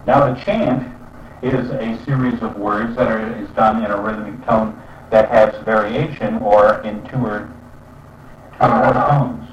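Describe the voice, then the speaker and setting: A man's voice: lowish voice, steady tone, measured pace. A man teaching about spiritual practice in an earnest, explanatory way, often checking in with "you see?". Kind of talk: spiritual teaching with chant demonstrations. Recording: roomy, distant, dull sound with faint traffic.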